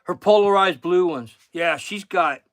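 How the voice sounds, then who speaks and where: A man's voice: high voice, a little slow, fairly bright tone, no echo. A middle-aged man with a Southern accent, a fishing guide hosting a casual livestream, chatting in a rambling way and thanking viewers by name.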